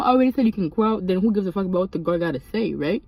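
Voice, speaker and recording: A young woman, casually telling a storytime and switching into high, animated quoted voices. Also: rapid-fire, dry recording, muffled recording. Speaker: vlogger.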